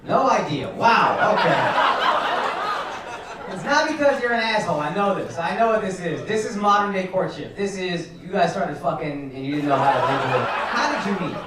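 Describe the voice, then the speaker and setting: Teasing people in the crowd, this stand-up comedian is brash and profane on a club stage, his high-sitting voice lively in intonation at a moderate pace. Loud audience laughter fills the roomy club sound.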